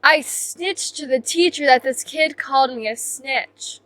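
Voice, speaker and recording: Bright high-voiced young woman vlogger. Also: a little slow. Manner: rambling, full of "like" fillers, self-mocking. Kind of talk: casual storytime chat.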